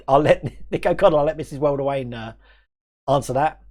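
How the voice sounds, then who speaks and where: Chatty Australian-English man, higher voice. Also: darkish tone. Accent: mixed Australian and English. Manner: chatty, laughs often, talks quickly. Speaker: live stream host. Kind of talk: casual live stream chat, reading viewer comments.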